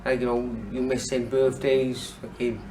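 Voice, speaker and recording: A man in his thirties, a boxer chatting casually as an interview guest, blunt and sweary and quick to laugh. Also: medium pitch, level tone, noisy background. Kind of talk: casual chat.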